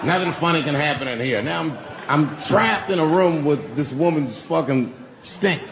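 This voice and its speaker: A man's voice: fairly high pitch, expressive, normal speed, creaky, background noise. A man doing live stand-up, telling stories in a loose, profane, conversational way. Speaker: stand-up comedian.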